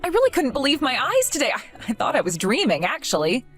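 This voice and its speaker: Earnest young woman, pleading and bewildered, read by a woman. High, animated voice, music bed. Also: fast talker, exaggerated voice. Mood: excited. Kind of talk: scripted audio drama.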